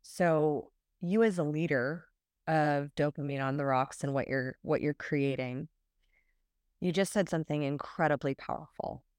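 A woman hosting a podcast, coaching her guest in an encouraging, measured way. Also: sits low, a little mellow, clear, resonant tone, no room sound, studio quality. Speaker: podcast host and communication coach. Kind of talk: coaching interview.

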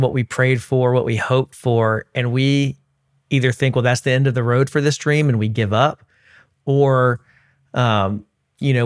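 A man hosting a faith-based interview, encouraging and affirming as he asks his questions. His voice sits in a middle pitch, and the recording is dry and close. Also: dry recording. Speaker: podcast host. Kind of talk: interview conversation.

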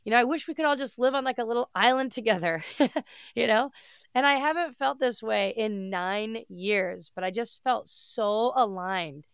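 On her own podcast, a woman talks solo in an upbeat, gushing, casual way with some mild swearing, her voice nasal from a stuffy head cold. Her mid-range voice has a clear, resonant tone, and the clean studio recording has no room sound.

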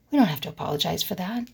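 A woman's voice: on the low side, creaky, slightly rough. An older woman talking earnestly and emphatically about not apologizing, telling personal stories as a vlogger. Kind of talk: personal advice talk.

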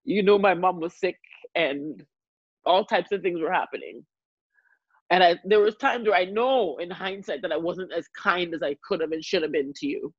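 Canadian-born woman singer, middle-aged, emotional and lively delivery, dry muffled remote sound. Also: on the low side, moderate pace, slightly rough, no echo. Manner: heartfelt, expressive, swings between soft and loud. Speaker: podcast guest, singer. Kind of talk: emotional podcast conversation.

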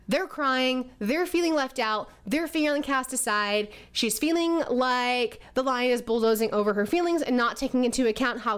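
A woman explaining personality types through a lively, animated story. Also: on the high side, clear, resonant tone. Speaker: presenter.

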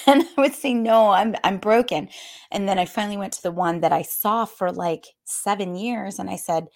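A group fitness instructor gives a candid, conversational motivational talk, speaking straight to her listeners and calling them y'all. Her mid-range voice is fairly quick with some vocal fry, and she's warm, laughing between points.

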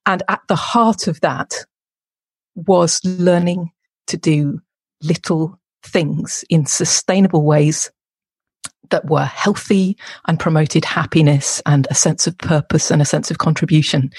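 A woman's voice: low-pitched, steady tone, measured pace, breathy edge, no echo. An English woman in her forties, a podcast guest, talking candidly and with self-deprecating humor. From England. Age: 40s. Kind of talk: casual interview talk.

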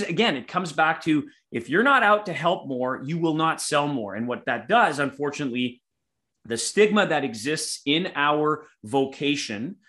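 A man with a fairly high voice co-hosts a sales podcast. He speaks emphatically, like a coach. He turns to the audience to make his points. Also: a bit bright. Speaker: podcast co-host, sales mentor. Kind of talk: podcast conversation.

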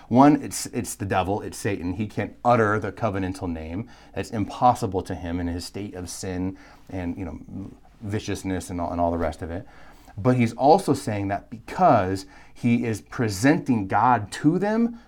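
A man teaching a live Bible course, talking in an animated, emphatic, conversational way with asides and quick restarts. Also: on the low side. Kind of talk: live recorded lecture.

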